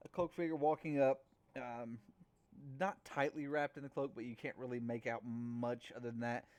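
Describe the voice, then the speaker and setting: A man narrating a tabletop game as game master in a halting way, with many fillers and restarts. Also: medium pitch, steady tone, darkish tone.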